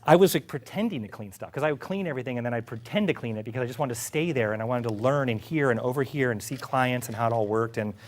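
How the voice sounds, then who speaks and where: A middle-aged man, an executive, telling a casual story about his career. He is lively, laughs often and acts out what others said. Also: medium pitch, fast talker, few pauses. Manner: animated, laughing, acts out quotes. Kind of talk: casual anecdote.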